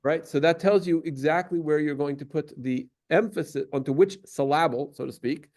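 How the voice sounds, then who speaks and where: Speaking at a moderate pace in a slightly high, slightly mellow voice, a synagogue teacher patiently explains Torah cantillation. Every so often he sings a short example.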